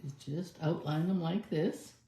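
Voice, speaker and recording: A woman's voice: sits low, unhurried, warm tone. A woman doing a live card-making demonstration, chatting through each step as she works. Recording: echoey room.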